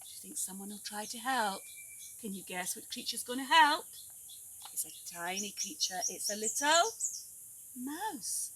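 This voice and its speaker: A woman teacher reading a picture book aloud to young children, animated and coaxing them to join in. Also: medium pitch, measured pace, slight background noise. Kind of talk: storybook read-aloud for children. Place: outdoors at a tree house.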